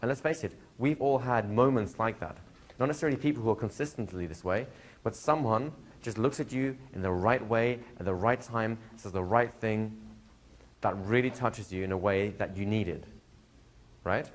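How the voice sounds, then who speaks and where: Low-voiced man teaching with animated stories. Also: moderate pace. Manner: animated storytelling, laughing, acting out quoted dialogue. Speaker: hypnosis instructor. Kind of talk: live workshop Q&A answer. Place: training room with students.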